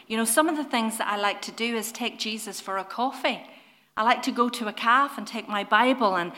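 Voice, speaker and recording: A woman preaching a sermon in an earnest, gentle way, often putting questions to her listeners. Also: on the high side, fairly quick.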